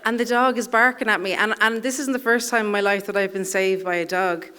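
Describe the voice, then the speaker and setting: A woman's voice: mid-range voice, steady tone, brisk, sharp tone, clear, resonant tone. A woman telling a personal story live on a theatre stage, in a wry, self-deprecating way, chuckling through her lines.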